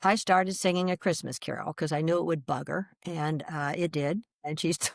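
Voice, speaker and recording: An older woman recounts a personal story as an interview guest, her voice sitting a little low for a woman. She tells it in a lively, animated way, jumping up in pitch when she acts out what others said. The sound is close and dry, with no room around it. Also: moderate pace, vocal fry, no echo.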